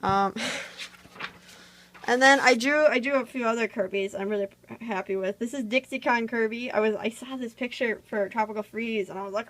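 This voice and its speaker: A woman's voice: on the high side, normal speed, fairly bright tone, poor audio. A woman chatting casually while she draws, rambling with lots of fillers, recorded on a phone camera. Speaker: vlogger drawing on camera. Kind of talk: casual drawing tutorial chat.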